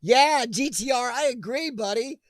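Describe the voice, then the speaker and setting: A man's voice: very high voice, normal speed, dry recording. A man hosting a live chat stream, chatting casually and jokingly with viewers and reading their comments aloud, laughing often.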